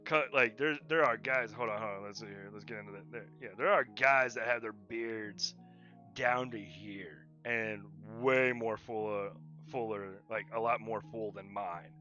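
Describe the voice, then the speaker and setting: A man's voice: fairly low pitch, moderate pace, bright, forceful tone, lo-fi sound, faint music behind. A man chatting casually and rambling while drawing on a livestream, laughing often. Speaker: livestreaming digital artist.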